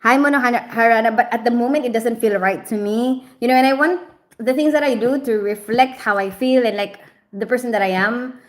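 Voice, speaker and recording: A woman's voice: on the high side, a little fast. A middle-aged woman hosting a casual live stream, reading the chat, laughing often and playfully scolding a viewer. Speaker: livestream host reading chat.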